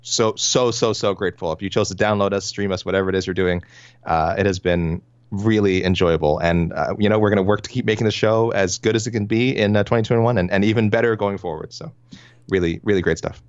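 A man co-hosting a podcast, talking quickly with many restarts. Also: lowish voice, fairly even intonation, no echo. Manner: rapid, stumbling restarts. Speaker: podcast co-host. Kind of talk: casual podcast chat. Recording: dry, dull lo-fi mic.

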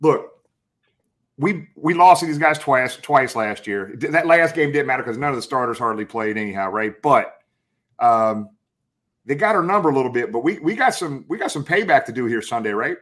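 A man hosting a casual football podcast, talking excitedly and calling his guest brother and man. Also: medium pitch, normal speed. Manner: excitable, enthusiastic, keeps saying brother and man. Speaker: podcast host. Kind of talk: casual chat.

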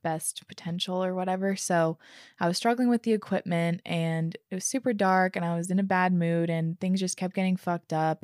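A woman's voice: lowish voice, no echo, clean studio sound. A young woman hosting a podcast, telling a personal story in a candid, rambling way with lots of "like". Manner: candid, rambling, heavy use of "like". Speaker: podcast host. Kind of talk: casual storytelling chat.

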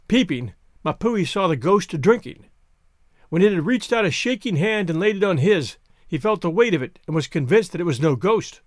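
A man narrating a classic short story as a podcast host, expressive with varied character voices. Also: a little high, no room sound, studio quality. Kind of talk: storybook reading.

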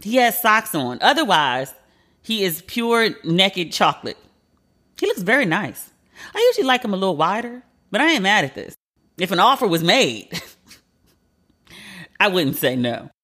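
A man's voice: sits high, big pitch swings, unhurried, pauses often, sharp tone. A man, a journalist, hosting a casual monologue podcast, chatty and emotional, filling his talk with "like". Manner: chatty and emotional, heavy use of "like".

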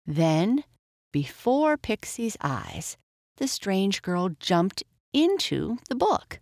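A woman reading a children's storybook aloud in an expressive, measured way. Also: medium pitch, dry recording, studio quality.

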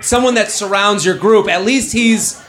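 A man hosting a live comedy show, rambling and joking in quick asides. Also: sits high. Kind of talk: live comedy advice banter. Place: live venue with an audience. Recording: lively audience crowd behind.

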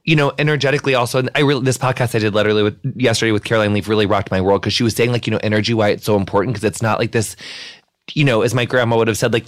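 A man's voice: medium pitch, dry recording, clean studio sound. A man hosting a podcast interview, chatty and effusive, full of fillers. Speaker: podcast host. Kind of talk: casual interview chat.

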